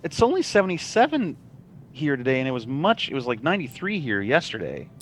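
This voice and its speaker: A man's voice: medium pitch, wildly swooping pitch, brisk, a little hiss or hum. A man who is a guest on a livestream, joking and teasing in casual banter.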